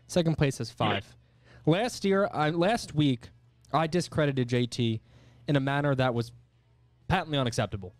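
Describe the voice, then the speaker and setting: Male sports podcast co-host, mid pitch, earnest, listy delivery. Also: lively intonation, measured pace, no room sound, soft background music. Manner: earnest, lists stats, self-correcting. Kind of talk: casual sports chat and rants.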